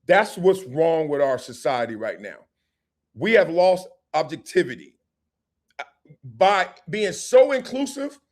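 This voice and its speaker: A man hosting a sports talk show, talking animatedly and acting out quotes in character voices. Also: fairly high pitch. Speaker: show host.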